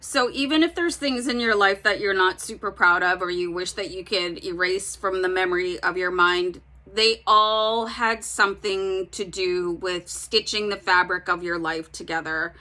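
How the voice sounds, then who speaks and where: A woman's voice: medium pitch, pushed and bright. A woman giving a casual tarot reading, chatting directly to her viewers with plenty of fillers. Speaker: tarot reader.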